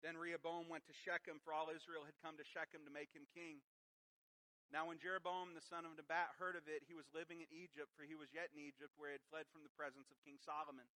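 A man's voice: on the high side, flat delivery, quick pace, sharp tone, rough recording. A man preaching a sermon who reads scripture aloud and then explains it with emphatic rhetorical questions. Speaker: pastor.

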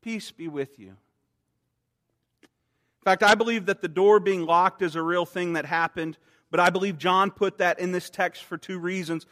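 A man delivers an earnest sermon in a fairly high voice. He eases soft and slow on quoted words. The sound carries a long reverb, as in a large church hall. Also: steady tone. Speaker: pastor.

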